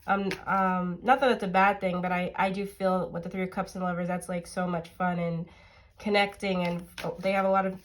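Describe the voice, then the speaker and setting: Reading the cards in a casual chat, a woman with a low, stuffy, nasal voice speaks at normal speed with a flat delivery. She rambles and fills her talk with lots of fillers.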